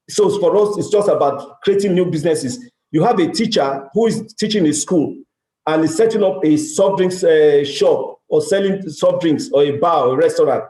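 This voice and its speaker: A man's voice: fairly high pitch, mellow. A middle-aged Nigerian man with a Nigerian accent, giving a motivational business talk at a conference and acting out dialogue with emphatic repetition. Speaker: conference speaker. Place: large conference hall. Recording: echoey hall sound.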